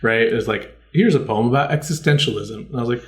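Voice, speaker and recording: A man's voice: medium pitch, fast talker, reverberant. Rambling man on a casual podcast. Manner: rambling, self-correcting, nerdy storytelling. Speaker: podcast co-host. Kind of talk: casual chat.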